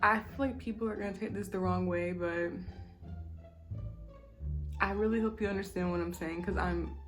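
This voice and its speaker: In this casual storytime vlog, a young woman chats with lots of profanity and rapid tangents, her delivery relaxed and lively. Faint, soft music runs beneath her mid-pitched voice.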